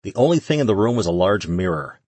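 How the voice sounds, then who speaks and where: Deep husky guy reading a novel aloud, dry close mic. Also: big pitch swings, fast talker, a little mellow, no echo. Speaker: audiobook narrator. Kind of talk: scripted narration.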